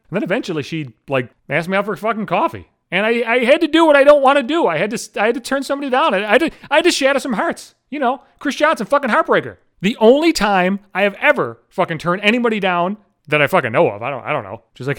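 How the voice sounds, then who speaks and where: A man in his thirties, a podcast host telling a story alone in a brash, heavily profane, animated rant. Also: high-pitched, quick pace, hardly any pauses.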